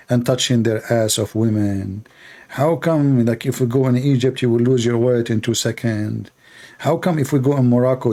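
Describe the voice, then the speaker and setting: A man's voice: medium pitch, mellow. Sarcastic rambling male vlog host. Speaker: channel host. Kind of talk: mocking commentary vlog.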